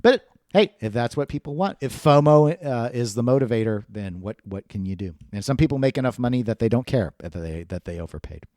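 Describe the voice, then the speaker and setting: A man co-hosting a podcast in casual chat, animated and jokey, with a close microphone. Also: medium pitch, fairly quick, dry recording. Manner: animated, jokey, puts on silly voices. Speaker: podcast co-host.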